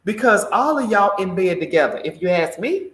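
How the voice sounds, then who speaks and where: A man's voice: sits high, sing-song, moderate pace, fairly bright tone. A man hosting a live morning show, giving outspoken commentary and answering viewer comments in an exclamatory way. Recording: roomy echo.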